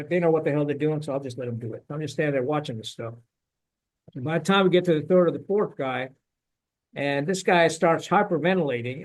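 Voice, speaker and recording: A man, a former Marine officer, telling war stories in a casual interview with blunt, salty language. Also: a little high. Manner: blunt, salty, animated storytelling.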